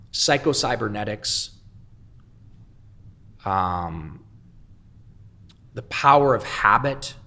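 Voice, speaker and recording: A man's voice: on the low side, bright, forceful tone. A man telling his life story as an interview guest, blunt and heavily profane with emphatic swings. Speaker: guest, entrepreneur.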